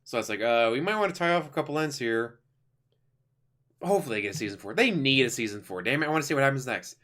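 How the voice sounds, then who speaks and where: A man at a middle pitch, talking through an animated show he loves in a loose, unscripted way. He rambles with plenty of fillers and restarts and drops in a casual swear now and then. The tone is easygoing, enthusiastic vlog chat. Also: fast. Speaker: YouTuber reviewing an animated show. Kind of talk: casual spoken review.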